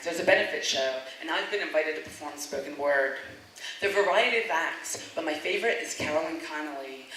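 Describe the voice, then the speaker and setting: A woman's voice: low-pitched, sharp tone, recorded from a distance, slight background noise. A woman performing a spoken word piece, speaking with impassioned, defiant emphasis. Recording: very echoey room.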